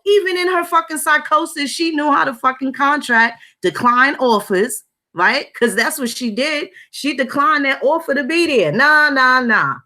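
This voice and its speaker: A woman's voice: high voice, animated, normal speed, bright, forceful tone. A woman hosting a casual conversation, talking bluntly with heavy cursing and strong emphasis. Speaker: host.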